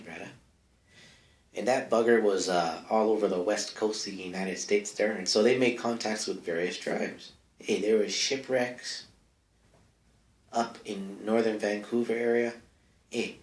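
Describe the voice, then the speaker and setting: A man hosting a comedic advice segment, talking in a rambling, offhand way full of asides, close to the mic in a small home studio. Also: lowish voice. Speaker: comedic advice-column host. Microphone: close microphone. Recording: echoey bare room.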